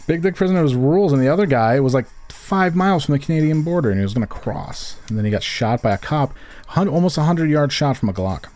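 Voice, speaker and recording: A man's voice: a little high, expressive, fast talker, darkish tone. A young man, co-hosting a casual podcast chat, rambling and joking and slipping into put-on local voices. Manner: rambling, jokey, slips into put-on regional voices. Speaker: podcast co-host.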